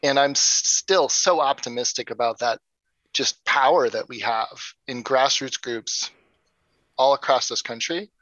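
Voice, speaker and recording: A man's voice: mid-range voice, measured pace, a bit bright, no room sound, lo-fi sound. A man speaking as an interview guest, earnest and upbeat, with frequent ums and sort-ofs. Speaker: guest, nonprofit founder. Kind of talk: casual interview.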